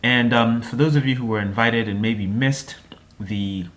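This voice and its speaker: A man's voice: mid-range voice, unhurried, fairly bright tone. Chatty male coach talking to camera. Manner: chatty storyteller, many fillers and tag questions. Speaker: lifestyle and time-management coach. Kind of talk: casual promotional video talk.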